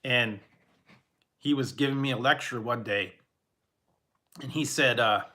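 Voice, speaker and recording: A man casually telling personal stories in a rambling, halting way, with frequent restarts and laughter. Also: mid-range voice, bright, forceful tone, a little hiss or hum. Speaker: vlogger.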